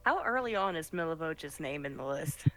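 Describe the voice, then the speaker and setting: A woman's voice: sits low, animated, normal speed, fairly bright tone. A woman playing a tabletop game, chatting frankly and casually, swearing freely and laughing easily. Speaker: player.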